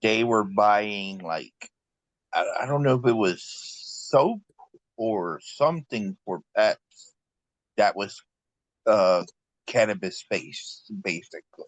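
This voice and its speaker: Slow, lively-pitched man. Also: no echo, poor audio. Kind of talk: casual conversation.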